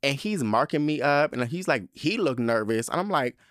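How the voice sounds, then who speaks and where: A man hosting his podcast, telling a story in an animated, dramatic and profane casual manner. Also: mid-range voice, moderate pace, no echo, studio quality. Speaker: podcast host.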